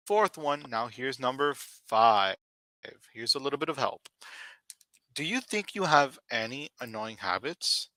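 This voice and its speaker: A man teaching an English conversation lesson, slowly repeating each question and model answer. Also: mid-range voice, bright, forceful tone, no echo.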